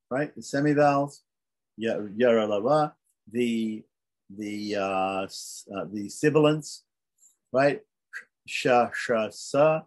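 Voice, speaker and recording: A man teaching a beginners' Sanskrit lesson, patiently repeating each sound slowly so learners can follow. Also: mid-range voice, a little mellow.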